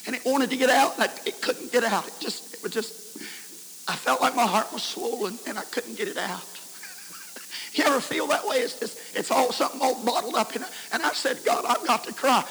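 Folksy preacher in a reverberant hall. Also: male voice, very high voice. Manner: folksy storytelling, swings from shouts to hushed whispers. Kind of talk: camp meeting sermon. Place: camp meeting hall. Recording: hissy 1990s recording in a reverberant hall.

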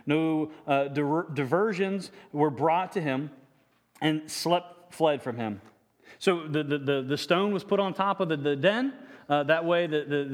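A pastor delivers a sermon, reading scripture aloud and stopping to quiz his congregation. His voice sits a little high, and he keeps tripping over and repeating his words. A long church-hall reverb hangs behind everything he says.

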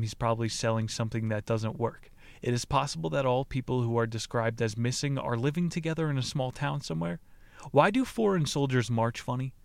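A man hosts a podcast, reading book passages aloud in a deadpan voice of ordinary pitch. Between passages he drops into casual, profane commentary and laughs at the material. The recording is dry and close, with no room sound. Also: vocal fry, dry recording. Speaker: podcast host.

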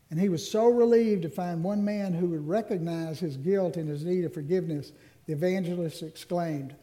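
A male minister delivers an earnest sermon in a high, mellow voice. He draws out the phrases that matter most and drops in the odd self-deprecating aside. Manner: earnest, slows down on key phrases. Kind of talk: Ash Wednesday sermon.

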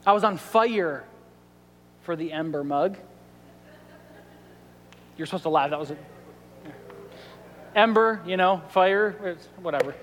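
Male pastor, high-pitched and animated storyteller, long reverb from the sanctuary. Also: measured pace, long pauses, slight background noise. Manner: animated storytelling with quoted asides. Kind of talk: sermon. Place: church sanctuary.

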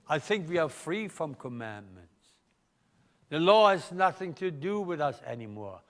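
Older German-accented male pastor, high-pitched and slow, pressing questions on his congregation in a live sermon. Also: animated. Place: church.

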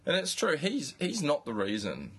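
A man's voice: on the high side, wildly swooping pitch, normal speed, fairly bright tone. An Australian man hosting a podcast, chatting casually about football, rambling with restarts and the odd swear. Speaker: podcast host. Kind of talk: casual chat.

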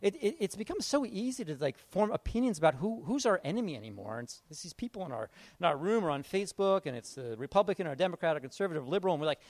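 A male pastor preaching a casual sermon, retelling a Bible story and acting out its figures in quick conversational asides. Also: sits high, sing-song, a little mellow.

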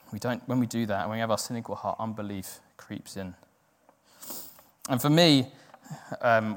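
A man preaching a sermon in an earnest, self-deprecating way, acting out the doubting voices in his head. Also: mid-range voice. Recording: long hall reverb.

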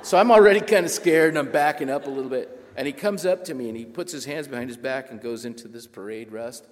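A man with a mid-pitched voice tells a story to a live audience. He is animated and self-mocking, and he slips into other people's voices as he goes. His voice rings through a large hall with a long echo. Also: fast, slight background noise. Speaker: author giving a talk. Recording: echoey hall.

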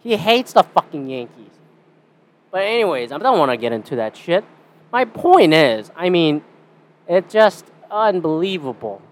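A man's voice: a little high, very animated, a little slow. A young Canadian man hosting a casual solo podcast, rambling and swearing with a sarcastic edge. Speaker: podcast host.

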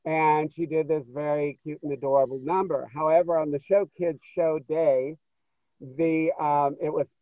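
A man guest in an interview, telling stories in an animated way and acting out what people said. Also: on the high side, dry recording. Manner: animated, acts out quoted dialogue. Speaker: interview guest, show producer. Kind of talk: storytelling interview. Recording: tinny phone line, dry.

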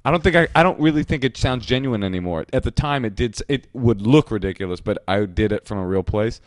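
Brief: male co-host, low and lively, wry jokester. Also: fast talker, no echo, studio quality. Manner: joking and wry, often laughing. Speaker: podcast co-host. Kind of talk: casual podcast chat.

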